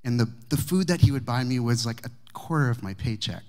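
Male pastor preaching in church, lively funny storytelling, talks right to the crowd. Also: medium pitch, brisk. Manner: lively, humorous storytelling to a congregation. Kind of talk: sermon storytelling. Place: church sanctuary with congregation.

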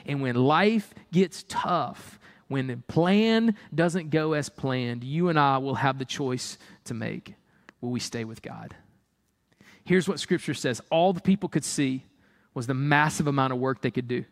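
A man's voice: fairly high pitch, moderate pace. A man preaching a sermon, firing rhetorical questions and acting out the people he quotes. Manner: animated, rhetorical questions, acts out quoted voices. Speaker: pastor.

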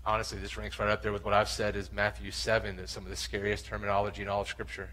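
A man's voice: fairly low pitch, completely flat delivery, fast, a bit bright, low-quality recording. A man preaching a sermon, reading scripture aloud and acting out its voices with passion. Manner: impassioned, acts out voices in scripture. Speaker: pastor.

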